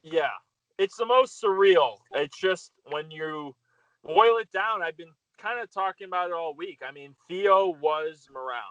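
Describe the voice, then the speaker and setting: A man joins a podcast as a guest, gushing with thanks and often starting sentences over. His voice sits slightly high and comes through a dull, lo-fi remote line. The sound is dry, with no room around it. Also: unhurried, fairly bright tone, no echo. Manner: effusive, with frequent restarts. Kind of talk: casual podcast chat.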